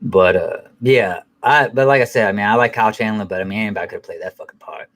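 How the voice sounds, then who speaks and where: A man's voice: on the low side, fast talker, a bit bright. A middle-aged man giving a casual spoken film review, rambling, profane, and often correcting himself.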